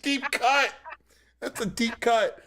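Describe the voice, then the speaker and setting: A man's voice: very high-pitched, slow pace, noisy background. A man hosting a live online improv comedy game, setting up the rounds and reacting to the players. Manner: upbeat, leads the game and reacts to jokes. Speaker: improv show host. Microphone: video call.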